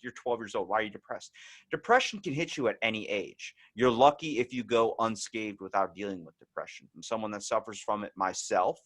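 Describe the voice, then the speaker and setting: A man's voice: fairly low pitch, fairly quick, a bit bright. Rambling young man hosting a podcast. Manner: candid, rambling storytelling with lots of "like". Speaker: podcast host. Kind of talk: casual podcast chat.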